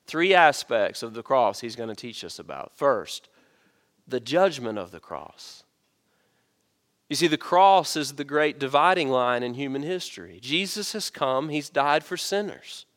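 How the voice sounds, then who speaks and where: A man's voice: high voice, a bit bright. A male pastor preaching a sermon, earnest and emphatic, repeating phrases to press his points.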